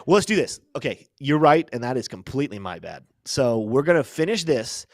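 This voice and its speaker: A man's voice: mid-range voice, sing-song, brisk, no room sound, clean studio sound. A young man hosting a live crypto show, chatting casually through chart commentary with joking, self-deprecating asides.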